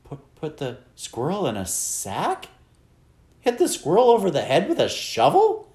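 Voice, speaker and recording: A man voicing a confused, timid middle-aged father who repeats things back haltingly. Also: huge pitch swings, warm tone, roomy sound, full character voice. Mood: despairing. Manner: halting, confused, squeaky when despairing.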